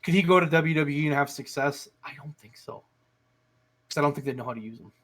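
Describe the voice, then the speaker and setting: Animated, cursing man telling a story. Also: on the high side, fast. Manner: animated storyteller, swears a lot. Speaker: podcast co-host. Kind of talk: casual chat.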